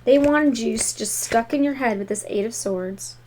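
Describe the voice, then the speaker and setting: A woman's voice: on the high side, moderate pace, darkish tone, slight background noise. A woman giving a tarot reading to viewers in an emphatic, encouraging way. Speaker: tarot reader.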